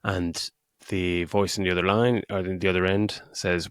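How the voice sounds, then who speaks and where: A man's voice: low voice, flat delivery, normal speed, a bit bright, clean tone, no room sound, clean studio sound. A middle-aged man co-hosting a podcast, retelling a film's plot in casual chat, swearing freely and laughing as he goes. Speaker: podcast co-host. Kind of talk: casual film review chat.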